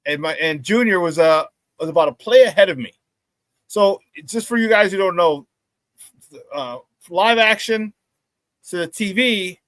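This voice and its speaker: A man hosting a casual sports talk show, telling stories excitedly with many restarts and repeated words. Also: fairly high pitch, dry recording.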